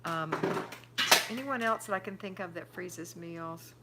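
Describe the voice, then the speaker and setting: A woman's voice: fairly low pitch, a little slow, very noisy. An older woman hosting a live stream, chatting casually, reading out viewer comments and giving firm homemaking advice. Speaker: livestream host answering viewer chat.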